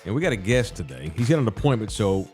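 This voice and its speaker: A man's voice: on the low side, very animated, quick pace, a little mellow, faint music behind. A man hosting a casual podcast, talking in a loose, rambling way with fillers. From San Antonio area. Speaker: podcast host. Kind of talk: casual sports podcast chat.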